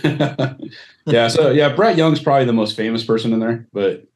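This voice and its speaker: A middle-aged man co-hosts a podcast, chatting in a quick, upbeat way and laughing easily. His voice sits at an ordinary middle pitch. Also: a little mellow, slight background noise. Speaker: podcast co-host. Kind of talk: casual chat.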